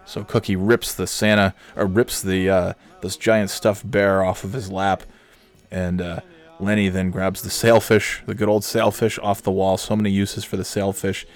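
Low-voiced guy recapping a silly story, lots of uhs, deadpan. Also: moderate pace. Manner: rambling, hesitant, deadpan.

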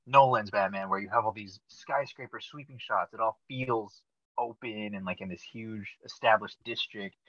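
A man co-hosts a casual podcast, tossing in opinionated, swear-laced remarks. His tone is forceful and bright. The recording is dry and slightly dull. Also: fairly low pitch, normal speed, no room sound. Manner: opinionated, profane, fills with "like". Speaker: podcast co-host.

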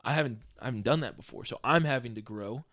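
A man's voice: mid-range voice, fast, fairly bright tone, no echo, studio quality. A young man who works as a college minister, easygoing and a bit hesitant, speaking as a podcast guest. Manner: easygoing, hesitant, laughs easily. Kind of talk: casual interview.

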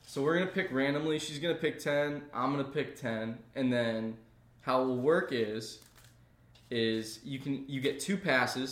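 A young man tells funny stories on a podcast and slips into the voices of the people in them. His voice sits at a medium pitch, and he often laughs mid-sentence. The room is echoey. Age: young adult. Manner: animated, laughs while retelling, acts out voices in stories. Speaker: podcast co-host. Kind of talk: casual comedic storytelling.

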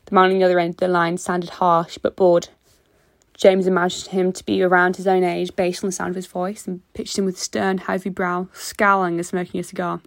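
A woman narrating a fan fiction story in a steady storytelling voice. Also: on the low side, brisk, no echo. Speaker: reader.

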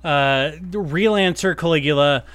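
A man co-hosting a podcast and taking a quiz, joking around and cursing casually while he thinks out loud. His voice is somewhat high for a man. The recording is close and dry, with no room echo. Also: normal speed, clear, resonant tone. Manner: joking, swears casually, lots of fillers. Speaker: podcast co-host answering a quiz. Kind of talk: casual chat.

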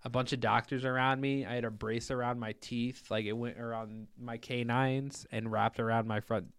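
A man's voice: medium pitch, level tone, normal speed, smooth, no echo. A young man co-hosting a podcast, chatting casually, blunt and teasing, swearing freely. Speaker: podcast co-host. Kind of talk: casual chat.

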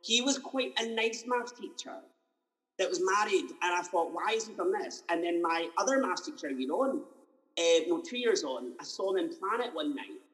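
A man's voice: sits high, expressive, moderate pace, a bit bright, long reverb tail, low-quality recording. A man in his twenties hosting a casual chat interview, telling stories animatedly and acting out the voices of people he quotes. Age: 20s. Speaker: podcast host.

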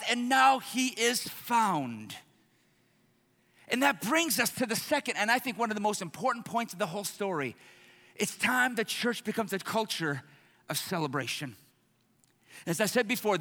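A man pastor preaching a sermon in a church, emphatic and repetitive, building up to shouts. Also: sits high. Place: church sanctuary. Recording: long church reverb.

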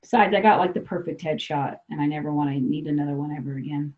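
This South Dakota woman's podcast is casual chat, and she laughs while imitating what other people say. She speaks fast in a low register, and the sound is phone quality.

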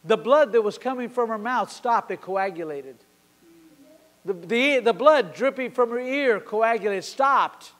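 A man in his sixties preaching a sermon at a church service. He tells a story with passion, swinging from sudden loud peaks to quiet drops. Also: very high-pitched, lively intonation, unhurried. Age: 60s. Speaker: pastor. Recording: long hall reverb.

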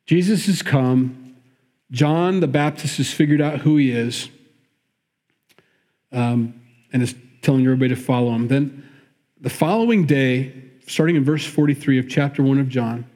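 A man's voice: medium pitch, moderate pace, long pauses, a little mellow. A man preaching a sermon, mixing Bible reading with wry, joking asides and acting out the quoted lines. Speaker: pastor.

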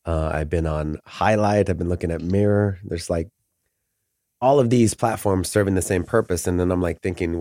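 A man's voice: sits low, moderate pace, warm tone, no room sound, clean studio sound. A middle-aged man talking as a podcast guest in casual, rambling chat, often laughing mid-sentence.

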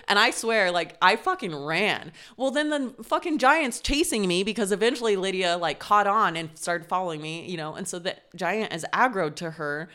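A young adult woman co-hosting a podcast, telling a story in a lively way, swearing and laughing often. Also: mid-range voice, normal speed. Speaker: podcast co-host. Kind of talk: casual chat.

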